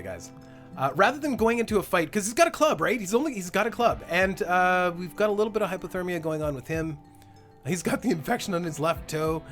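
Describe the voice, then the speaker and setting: A young man streams his gameplay live, talking in an animated, lively way with a slightly high voice. He jokes darkly and laughs often as he plays. Faint game music sits underneath. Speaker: gaming livestreamer.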